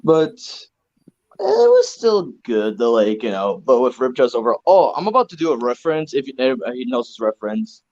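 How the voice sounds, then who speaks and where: A man co-hosting a casual online fan discussion, animated and eager to add trivia. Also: medium pitch, normal speed, highs cut off. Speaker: co-host.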